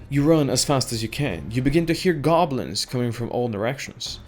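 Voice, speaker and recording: A man reading an AI text adventure aloud in steady second-person narration, as the game's player. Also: mid-range voice, fairly quick, hardly any pauses, faint music behind.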